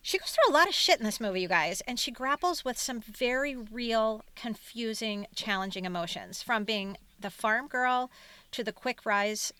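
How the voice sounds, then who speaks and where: A woman co-hosting a podcast, talking in an animated, casual way about a movie. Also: a little high, moderate pace, smooth, no echo. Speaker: podcast co-host. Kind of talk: casual chat.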